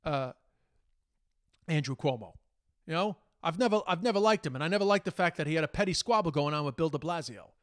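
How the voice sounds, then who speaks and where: A man's voice: on the high side, expressive, fairly quick. Fired-up Irish man ranting. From Ireland. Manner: heated, exasperated, profane, mocks quoted speech. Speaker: podcast host. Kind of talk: casual monologue rant.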